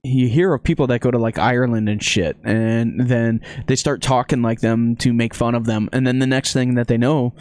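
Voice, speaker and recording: Guest musician, man from South Dakota, quick profane talker, mid voice, dry close mic. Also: mid-range voice, fairly even intonation, darkish tone, dry recording. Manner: fast-talking, profane. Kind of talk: casual podcast chat.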